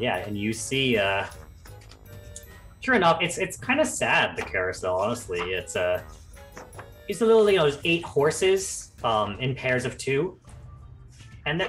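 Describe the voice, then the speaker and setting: A young man narrating as game master in a relaxed, rambling way with lots of fillers. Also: medium pitch. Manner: casual, rambling with many fillers. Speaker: dungeon master.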